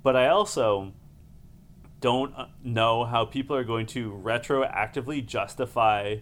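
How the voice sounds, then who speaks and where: A man's voice: medium pitch, unhurried, fairly bright tone. A man co-hosting a podcast in casual chat, thoughtful and hedging. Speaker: podcast co-host. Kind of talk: casual chat recapping a reality show.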